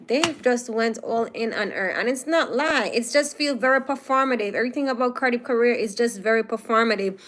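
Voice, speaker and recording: A woman with a Jamaican accent talks through a casual commentary monologue in a somewhat higher voice. She is animated and opinionated, and she draws out the phrases she wants to stress. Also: brisk, hardly any pauses. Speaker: commentary host.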